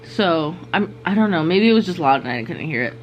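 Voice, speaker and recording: A woman's voice: lowish voice, animated, brisk, lo-fi sound, slight background noise. A young woman vlogger, a little tipsy, telling a night-out story in a casual, slangy way with lots of "like". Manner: laid-back, slangy, says "like" a lot.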